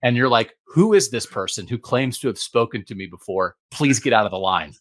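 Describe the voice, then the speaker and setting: Middle-aged man, podcast host, casual chat, lively storyteller, mid-pitched voice. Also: brisk. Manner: animated storyteller, acts out quotes with big pitch swings.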